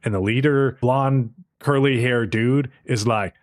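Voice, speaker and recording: A man with an ordinary mid-range voice walks through an anime plot in casual podcast chat. He keeps a deadpan delivery and swears freely as he tells it. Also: mid-range voice, unhurried. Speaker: podcast co-host.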